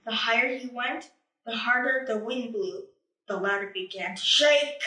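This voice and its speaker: A woman reading a children's picture book aloud in an expressive, animated way. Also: a little high, measured pace, distant mic. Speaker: storybook reader. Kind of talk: children's story read-aloud. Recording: echoey room, away from mic.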